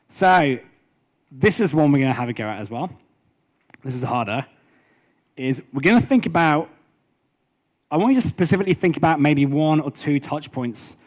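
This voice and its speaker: A man coaching a business workshop, telling animated stories with lots of fillers and restarts. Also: medium pitch. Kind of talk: workshop talk with anecdotes.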